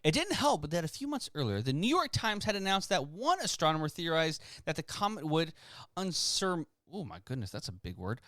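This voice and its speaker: A man's voice: fairly high pitch, sing-song, a little fast, fairly bright tone, no room sound. A man co-hosting a podcast who reads history articles aloud in casual chat and stumbles over long words. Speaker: podcast co-host.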